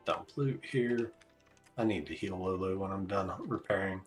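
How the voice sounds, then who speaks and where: A man's voice: deep voice, normal speed, faint music behind. A man in his forties streaming a game, chatting casually and calling out tactics as he plays. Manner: laid-back, chatty, calls out tactics between stories. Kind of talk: casual gameplay commentary.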